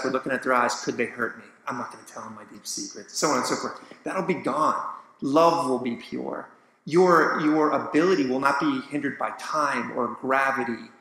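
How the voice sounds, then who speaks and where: Man, bright tense voice, earnest and eager, panel talk, echoey hall. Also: mid-range voice. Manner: earnest and enthusiastic. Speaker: musician on a church panel.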